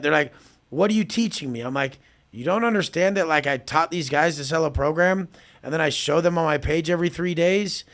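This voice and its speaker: A gravelly, fairly high male voice with a lot of pitch movement. He talks like a brash podcast guest. He swears often and mocks others while replaying his own conversations. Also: a bit bright. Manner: profane, brash, mocking, acts out both sides of conversations. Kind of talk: casual podcast talk.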